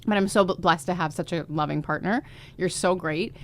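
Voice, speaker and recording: A woman co-hosting a podcast, telling personal stories in a lively, emotionally open way. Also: lowish voice, fairly quick. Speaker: podcast co-host. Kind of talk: casual chat.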